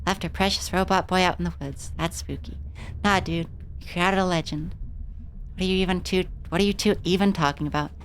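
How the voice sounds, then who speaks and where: Woman streamer, young, lowish voice, casual and foul-mouthed, reads game dialogue aloud. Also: fairly even intonation, brisk, slight background noise. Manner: casual, swearing freely.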